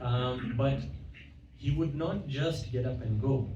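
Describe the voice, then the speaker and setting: Mellow-voiced man lecturing in an echoey temple hall. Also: mid-range voice, moderate pace, slight background noise. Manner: retells stories, acting out quoted dialogue; conversational, with frequent self-corrections. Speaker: guest speaker at a temple. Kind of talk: devotional lecture with storytelling. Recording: echoey, distant, dull-sounding hall recording.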